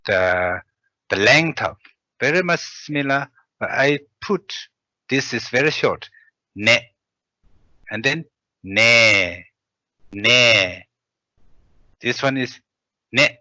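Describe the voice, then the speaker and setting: A man teaching a language lesson, reading syllables slowly with hesitant fillers. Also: fairly low pitch, sharp tone, dry recording. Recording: dull lo-fi audio.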